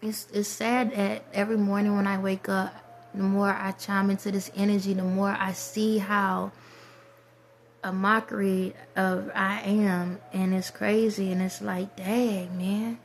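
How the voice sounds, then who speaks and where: Soft-spoken reflective woman vlogger. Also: mid-range voice, level tone, unhurried, slight background noise. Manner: reflective, rambling, soft-spoken, trails off into whispers. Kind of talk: casual spiritual monologue.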